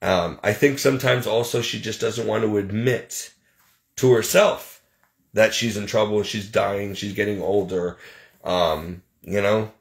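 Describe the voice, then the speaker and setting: This man's voice is lowish and steady, a little slow, with vocal fry. As a vlogger he vents casually to his viewers, spelling out his troubles plainly and with clear exasperation.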